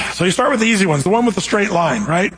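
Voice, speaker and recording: A man preaching to his congregation in a high, husky voice. He reads scripture slowly and with weight, then breaks into direct, animated questions to the people in front of him. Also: rough recording. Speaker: pastor. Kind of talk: verse-by-verse sermon.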